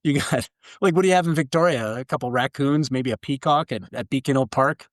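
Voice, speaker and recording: Canadian guy, animated storyteller, laughs a lot, mid pitch, dry sound. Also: fairly quick, no echo. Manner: lively, laughs through his story. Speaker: guest, keynote speaker.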